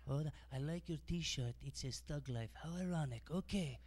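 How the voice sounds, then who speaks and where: A man's voice: on the high side, sing-song, moderate pace, warm tone, a little hiss or hum, pitched above the performer's own voice. A stand-up comic voicing a chatty, fussy male takeout restaurant clerk who keeps saying hold on.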